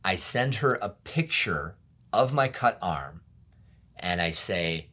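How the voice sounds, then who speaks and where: In a sit-down testimony interview, this pastor speaks slowly with a very deep, low voice and lively intonation. He recounts his story openly and gently, often fading to a murmur, and briefly voices the words others spoke to him.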